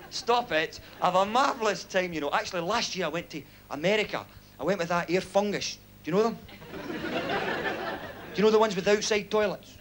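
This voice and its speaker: Young Scottish stand-up comic, high voice, quick gags, laughs at himself. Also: male voice, a bit bright, slight background noise. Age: young adult. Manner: quick joke-telling, chuckles at own gags. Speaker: stand-up comedian. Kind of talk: stand-up comedy routine.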